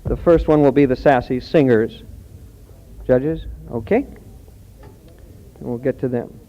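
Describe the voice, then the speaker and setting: A man's voice: mid-range voice, a little slow. A man emceeing a college singing contest on stage, cracking offhand jokes between announcements, heard on a dull old archive recording. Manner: wisecracking, offhand asides. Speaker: master of ceremonies. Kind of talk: joking stage emcee patter.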